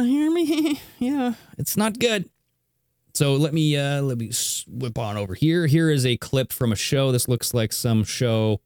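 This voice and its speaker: A man hosts a show and talks over the clips he plays. His voice leaps around, and he often jumps into high mock tones. The sound is dry and close. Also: dry recording. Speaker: host reacting to clips. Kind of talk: casual commentary on videos.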